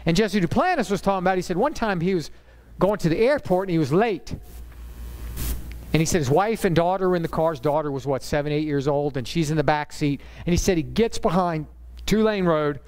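A man's voice: a little high, moderate pace, long pauses, clean tone. A middle-aged man preaching a sermon as pastor, telling stories in an emphatic, conversational way. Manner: animated storyteller, emphatic and conversational.

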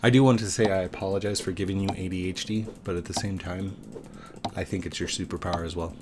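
A man's voice: low-pitched, steady tone, quick pace, background noise. A man hosting a gaming video from his home setup, joking around with his son at a desk microphone. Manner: playful, joking banter. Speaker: gaming channel host. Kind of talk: casual chat with his son while gaming.

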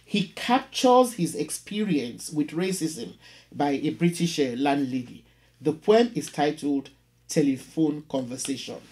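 A man hosting a history channel, narrating a lesson and reading a poem in a measured way with pauses. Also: fairly high pitch, expressive, a little mellow. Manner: measured, with pauses and some stumbles. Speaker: host of an educational history channel.

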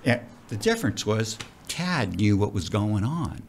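Animated middle-aged man spinning a story. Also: fairly low pitch, measured pace, a little hiss or hum. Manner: animated, profane, vivid storyteller. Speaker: commercial diving instructor. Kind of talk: casual storytelling interview.

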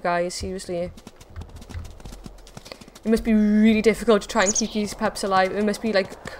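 A woman's voice: medium pitch, a bit bright, a little hiss or hum. A woman chatting to viewers while she plays a game and reacts to what happens on screen. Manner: reacts aloud to on-screen action. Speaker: gaming video host. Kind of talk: casual gameplay commentary.

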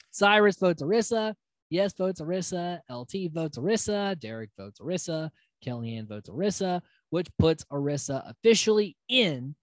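A man's voice: on the high side, expressive, brisk, no echo. A man hosting a podcast, recapping a reality TV episode in a loose, rambling way with fillers and casual swearing. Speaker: podcast host.

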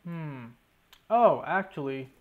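A young man talks through his gameplay in a running, exasperated stream. He swears freely and mutters to himself. His voice sits a little high for a man. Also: animated, slow pace, phone-quality sound. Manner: swears often, exasperated running self-talk. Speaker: gaming YouTuber. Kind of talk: live commentary over gameplay.

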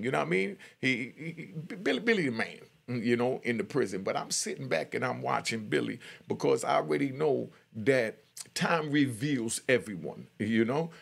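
A man's voice: mid-range voice, expressive, normal speed. An older man telling a true story in a casual, streetwise way, often checking in with "you know what I mean". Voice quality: gravelly.

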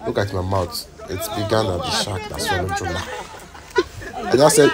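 A man with a Nigerian Pidgin English accent, recapping his comedy skits for viewers, animated and laughing, slipping into Pidgin. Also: fairly low pitch, moderate pace, over a noisy crowd. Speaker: comedy skit creator. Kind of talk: casual storytelling to viewers. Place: live gallery with people around.

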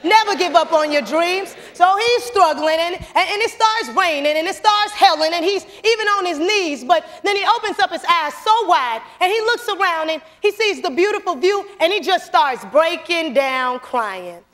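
A young woman giving an animated motivational speech in a church, calling out to the audience as she tells stories. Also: extremely high pitch, moderate pace, hardly any pauses. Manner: animated, calls to the audience, storytelling. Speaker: motivational speaker. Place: church sanctuary. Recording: long church hall reverb.

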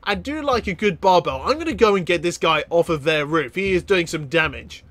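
Bright, high-voiced excitable gamer man. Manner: excitable, quick to laugh, bursts of loud exclamations. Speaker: gaming channel host. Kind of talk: excitable gameplay commentary.

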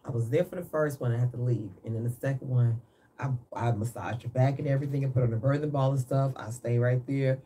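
A woman co-hosting a radio chat, telling stories in a lively way. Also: fast, recorded from a distance. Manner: lively storytelling, swoops up high. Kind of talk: casual chat.

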